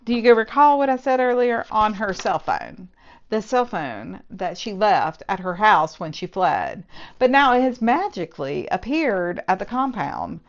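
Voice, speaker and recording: A woman's voice: medium pitch, very animated, normal speed, highs cut off. A woman giving a casual book review, sarcastic and exasperated as she picks apart plot holes.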